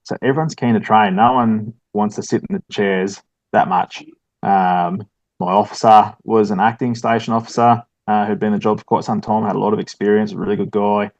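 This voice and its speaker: A man's voice: lowish voice, fairly even intonation, a little fast, darkish tone, no echo, muffled recording. A man with an Australian accent, a firefighter, telling stories casually in an interview with plenty of ums and mates. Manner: laid-back, storytelling with lots of ums and mates. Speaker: firefighter station officer, guest.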